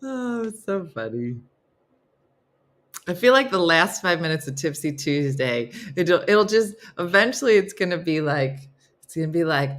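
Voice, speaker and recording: Lively woman chatting live with viewers. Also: lowish voice, moderate pace. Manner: lively, laughing often, playful asides to chat. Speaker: host of a live morning show. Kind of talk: casual live-stream chat with viewers.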